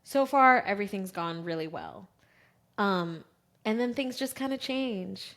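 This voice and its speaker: Woman telling a lively personal story. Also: mid-range voice, measured pace. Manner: lively storyteller who acts out quoted voices. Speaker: podcast co-host. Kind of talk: casual chat, personal storytelling.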